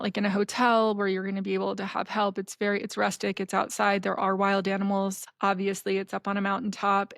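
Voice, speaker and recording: A woman hosting a podcast, telling a personal story in a chatty, animated way with many fillers. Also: medium pitch, creaky, dry recording, clean studio sound. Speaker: podcast host.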